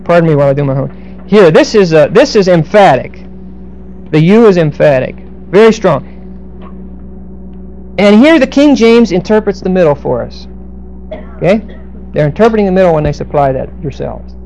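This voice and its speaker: A middle-aged man preaching verse by verse, unpacking Greek grammar with homely asides and dry humor. His voice sits a little high yet sounds mellow and dark. A faint hiss runs under the recording. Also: animated, moderate pace, long pauses, poor audio. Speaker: pastor. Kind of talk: verse-by-verse sermon.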